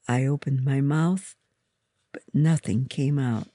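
A reader with a gravelly voice telling a story in first person, slowly and deliberately. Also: mid-range voice, mellow, no echo.

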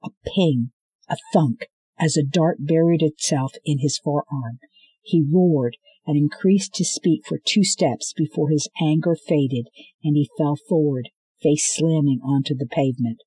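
Man, audiobook narration, steady storytelling, husky voice, slightly high pitch. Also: measured pace, dry recording, low-quality recording. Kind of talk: scripted narration.

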